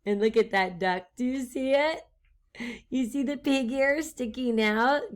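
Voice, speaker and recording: A woman teacher reading a picture book aloud to her class, animated and full of questions for the children, with hushed asides. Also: high voice, a little slow.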